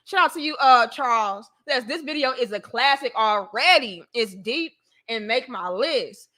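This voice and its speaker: A blunt woman hosting a commentary vlog, with a fairly high, bright, forceful voice. She talks straight to her viewers in a frank, profane, conversational way. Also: expressive, unhurried, no room sound, studio quality. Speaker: host.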